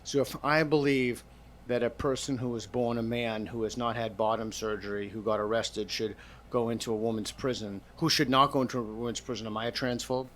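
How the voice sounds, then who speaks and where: Calm probing man questioning. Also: mid-range voice, brisk, slight background noise. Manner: calm, probing, asks for definitions. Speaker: debater in a filmed discussion. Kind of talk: debate questioning.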